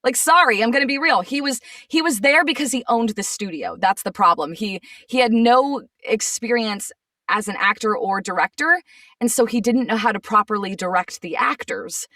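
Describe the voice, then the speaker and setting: Woman, voice actress, animated storyteller, dry sound, slightly distant mic. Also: on the high side, moderate pace, no room sound. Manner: animated storyteller, gets sassy and exasperated. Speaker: voice actress guest. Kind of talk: casual chat.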